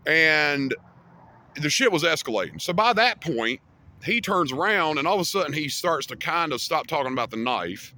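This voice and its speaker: Man, casual storyteller, swears a lot, rambling, slightly high voice, bright and forceful tone. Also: animated, normal speed. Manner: heavy swearing, rambling with many fillers. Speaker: vlogger.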